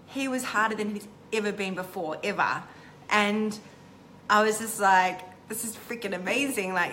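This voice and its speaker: A woman coach telling a candid, heartfelt personal story to camera, often pausing with "um" and "like". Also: mid-range voice, sharp tone, a little hiss or hum. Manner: halting, many "um" and "like" restarts. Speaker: intimacy coach.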